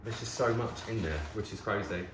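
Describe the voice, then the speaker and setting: Man, thirties, lowish voice, casual chatty vlog, echoey room. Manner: chatty and gushing, quickly excited and tearful. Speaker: former talent show contestant, presenter. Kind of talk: casual vlog, showing keepsakes to camera. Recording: echoey room, faint hiss.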